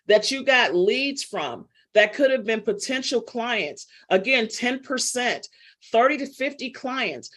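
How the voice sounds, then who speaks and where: A middle-aged woman coach runs a casual live online class, chatty and playful, teasing students and calling on them by name. Her voice is a little high and fairly bright, expressive, and unhurried.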